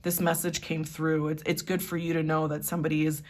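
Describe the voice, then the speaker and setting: A woman's voice: deep voice, flat delivery, fairly quick. A woman doing a casual tarot reading, chatty and giggly, with lots of "like". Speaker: tarot reader.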